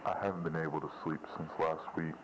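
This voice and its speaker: A man's voice: a bass voice, steady tone, fast talker, noisy background. A man playing a remorseful, sleepless man who stammers through a confession to a tape recorder. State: sleepless and tormented.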